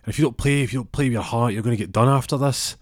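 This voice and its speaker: A man's voice: medium pitch, rapid-fire, no room sound, studio quality, pitched above the performer's own voice, natural voice. A man voicing an angry, pushy male teenage teammate who pleads and threatens. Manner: aggressive pleading.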